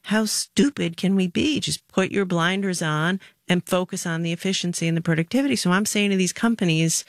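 A middle-aged woman answering interview questions in an emphatic, direct way, telling stories with lively energy. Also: on the low side, normal speed, hardly any pauses, no echo, clean studio sound. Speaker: former government official, guest.

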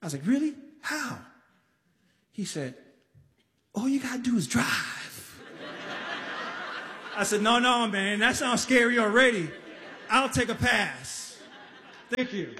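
A man from the Bronx telling a story on a live stage, animated, acting out voices and shouting at times. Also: very high voice, slow, pauses often. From the Bronx, New York. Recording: live stage recording in a reverberant hall.

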